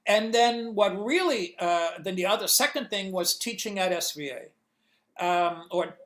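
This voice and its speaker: A man guest in an interview on a video call, answering in a halting way with many restarts as he searches for words. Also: high voice, lively intonation, fairly bright tone. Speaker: comics inker, guest.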